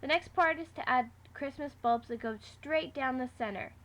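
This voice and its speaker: A high-pitched, slightly bright female voice at normal speed belongs to a chatty craft vlogger. She explains a craft project step by step in a casual how-to tutorial, using fillers along the way.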